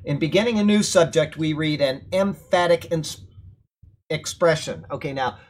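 A man's voice: on the high side, moderate pace. A man leading a Bible study, reading verses aloud and explaining them point by point.

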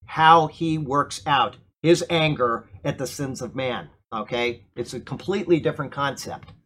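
A man's voice: medium pitch, animated, measured pace, fairly bright tone. Emphatic man teaching a Bible class. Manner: emphatic, asks the class "okay?" often. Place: church classroom.

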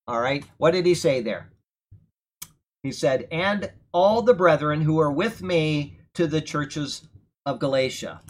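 A man's voice: fairly high pitch, measured pace. A man teaching a Bible class in sermon style, conversational and often checking in with his listeners. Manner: conversational, often asks "okay?"; swells to emphatic, indignant passages. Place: church room during a thunderstorm.

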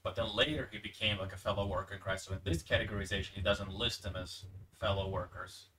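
A man's voice: lowish voice, fast, pushed and bright. A man in a study group asking a tentative question, thinking it through aloud. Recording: far from mic with faint background noise.

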